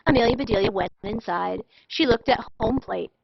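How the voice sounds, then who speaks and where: A woman reading a children's storybook aloud in an expressive, animated way. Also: fairly high pitch, moderate pace, creaky, breathy edge, no room sound. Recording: dull lo-fi dry sound.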